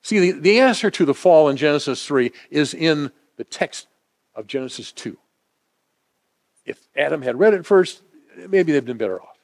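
A man preaching a sermon, swinging from emphatic declarations to hushed, intimate asides. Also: a little high, lively intonation, moderate pace, gravelly.

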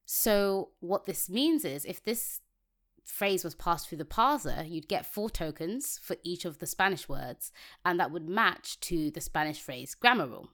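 A woman's voice: on the low side, expressive, measured pace, fairly bright tone. A woman co-hosting a casual technical podcast, reading code aloud step by step and laughing easily. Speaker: podcast co-host.

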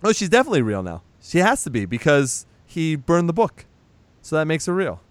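A man's voice: a little high, huge pitch swings, fairly quick, no echo. A man in casual chat, recapping a movie as a podcast host, chatty and teasing, swearing now and then.

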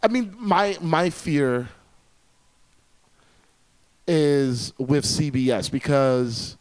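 A man's voice: fairly high pitch, very slow, clean tone. Rambling enthusiastic man reviewing shows. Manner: enthusiastic, rambling, lots of fillers. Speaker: guest reviewer. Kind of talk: casual podcast chat.

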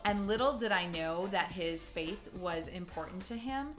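A woman co-hosts a podcast, telling her story in an earnest, chatty way. She drops playful asides as she goes. Her voice sits a little low for a woman. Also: expressive, normal speed, a bit bright, faint music behind. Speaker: podcast co-host. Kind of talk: casual chat.

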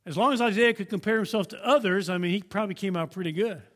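A man preaching a sermon, earnest and emphatic, swinging from raised declarations down to hushed lines, often repeating and restarting words. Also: sits high, fast talker. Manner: earnest, emphatic, rising and dropping to a hush.

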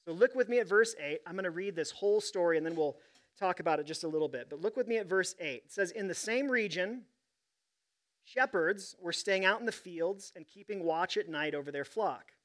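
A man's voice: high-pitched, animated, fairly quick, a bit bright. A man preaching a sermon as pastor, reading scripture and telling stories in a conversational, humorous way.

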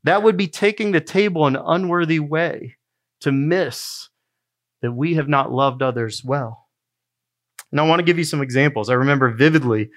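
A middle-aged man preaching to his congregation in an easy, story-driven manner. His voice sits in a middle pitch, and he moves between plain teaching and personal anecdotes. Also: normal speed. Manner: conversational storytelling preaching, with quoted asides. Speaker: pastor. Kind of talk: sermon.

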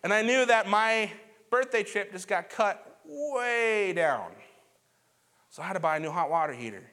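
A pastor preaching a conversational sermon, telling a personal story and moving between loud emphatic lines and quiet hushed ones. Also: male voice, high voice, expressive, normal speed.

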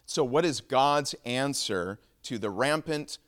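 Smooth-voiced male pastor preaching. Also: mid-range voice, expressive, slow pace, fairly bright tone. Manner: prays then tells a joke with acted voices. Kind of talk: sermon.

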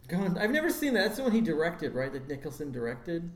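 A man's voice: a little high, very animated, quick pace. A man co-hosting a casual film podcast, rambling through asides and fillers. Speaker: podcast co-host. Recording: roomy echo.

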